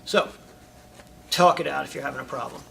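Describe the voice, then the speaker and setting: A man's voice: brisk, gravelly, sharp tone. A middle-aged man, a karate instructor, talking casually to his students and coaching them, often checking in with "all right?". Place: karate school training hall. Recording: distant mic, faint rumble.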